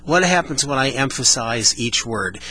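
Bright-voiced male radio host. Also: mid-range voice, expressive, normal speed, breathy edge, low-quality recording. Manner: playful, demonstrates vocal emphasis. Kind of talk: casual radio talk.

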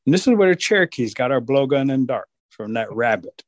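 A man telling a traditional folk tale as a storyteller, animated and drawn out. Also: medium pitch, fairly quick, dry recording. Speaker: Cherokee storyteller.

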